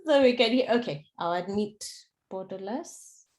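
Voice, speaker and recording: A woman hosting an online event over a video call, lively and coaxing. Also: mid-range voice, moderate pace. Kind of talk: casual video call moderating.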